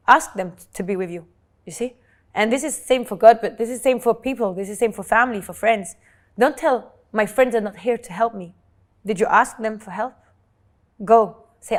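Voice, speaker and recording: A woman, telling her own life story as an interview guest in an earnest, halting way, often repeating words when moved. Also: on the high side. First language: French. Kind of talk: emotional personal storytelling. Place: Dubai.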